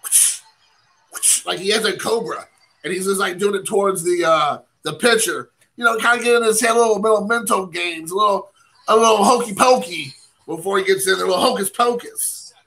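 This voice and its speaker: A man's voice: high-pitched, fairly quick, pushed and bright, rough recording. A man hosting a casual card-opening stream, rambling and poking fun at himself while chatting with viewers. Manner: rambling, self-deprecating, chatty asides to viewers. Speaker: card collecting channel host.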